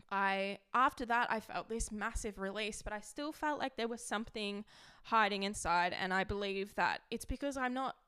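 A woman's voice: mid-range voice, pushed and bright, smooth. A young woman hosting a podcast, talking candidly and emotionally about her past, with frequent "like" fillers. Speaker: podcast host. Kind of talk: candid personal monologue.

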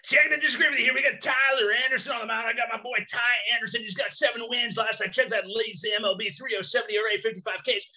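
A man's voice: very high voice, fairly even intonation, rapid-fire, few pauses, bright, forceful tone. A man hosting a parody sports betting show, crude and laughing, with over-the-top hype in his delivery.

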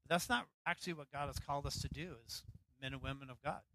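Male pastor, middle-aged, preaching; bright, forward tone, dry close sound. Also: a little high, quick pace, no echo, poor audio. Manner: storytelling, animated, acts out quotes. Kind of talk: sermon.

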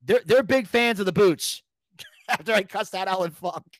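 Man, high-pitched, animated, swearing storyteller, dry sound. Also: normal speed, no echo. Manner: animated, shouts quoted lines, swears a lot. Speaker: podcast guest telling a story. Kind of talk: casual storytelling with profanity.

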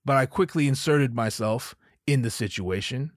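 A man's voice: mid-range voice, moderate pace, no echo, studio quality. A man hosting a podcast who tells a casual, profane story, laughing as he goes. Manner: animated, profane, laughs while telling stories. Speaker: podcast host.

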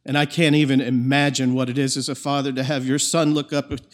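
A man's voice: medium pitch, flat delivery, fast talker. A man preaching a sermon in an earnest, emphatic way, his voice rising in bursts of intensity. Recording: long reverb of a large hall.

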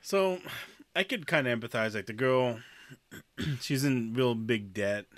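A man's voice: medium pitch, measured pace, fairly bright tone, no room sound. A man co-hosting a casual movie review chat in a laid-back, hedging way. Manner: laid-back, hedging, says kinda and like a lot. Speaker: podcast co-host.

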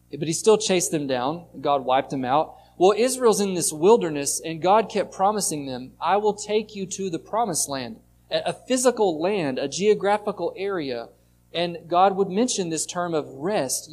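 A man pastor preaching a sermon in a conversational way, reading scripture aloud and swinging between loud and soft. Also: fairly high pitch, slight background noise. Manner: conversational preaching, reads scripture aloud with lively shifts in loudness.

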